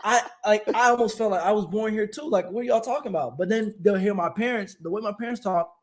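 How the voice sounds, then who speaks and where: A young man from Atlanta talking as a podcast guest in casual conversation, an animated storyteller with fast bursts who laughs easily. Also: high-pitched, slight background noise. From Atlanta, United States.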